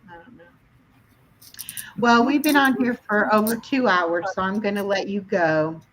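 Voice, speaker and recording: A woman's voice: medium pitch, steady tone, normal speed, a bit bright. A middle-aged woman hosting a live stream, chatting casually and telling stories about herself. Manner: chatty, self-deprecating storyteller. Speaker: host of a weekly live stream. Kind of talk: casual chat. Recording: dull lo-fi stream audio.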